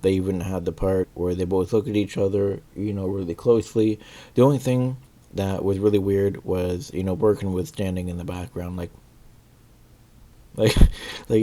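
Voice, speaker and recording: A man with a very low voice gives a casual, rambling video review. His tone is dark and mellow. He often stops and restarts while he searches for the right word. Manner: rambling, many fillers and restarts, searching for words.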